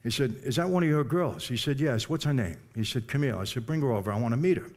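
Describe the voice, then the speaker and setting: A man's voice: medium pitch, lively intonation, fast talker, a little mellow. An older man telling a personal testimony to an audience, in a conversational way with direct asides to the listeners. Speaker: speaker giving a personal testimony. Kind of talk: storytelling to a live audience.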